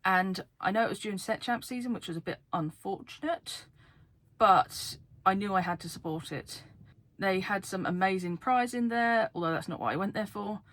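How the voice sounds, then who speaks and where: A woman card game YouTuber from the UK, talking fast and excitedly to camera in a casual vlog, laughing often. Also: mid-range voice, no room sound. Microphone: camera facing her.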